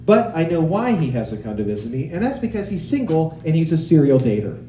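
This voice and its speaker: A man in his forties does stand-up in a roomy live venue, his voice sitting a little high and swinging widely in pitch as he tells his stories. The tone stays mellow and dark even when he gets animated. He jumps into the voices of the people in his stories, then drops back to the set. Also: a little fast, a little hiss or hum. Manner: animated storytelling, acting out quoted voices. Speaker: stand-up comedian. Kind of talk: stand-up comedy.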